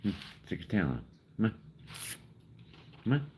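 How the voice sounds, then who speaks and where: A man's voice: lowish voice, big pitch swings, normal speed, darkish tone, slight background noise. An older man hosting a casual livestream, coaxing animals and chatting with self-deprecating humor. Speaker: livestream host feeding raccoons.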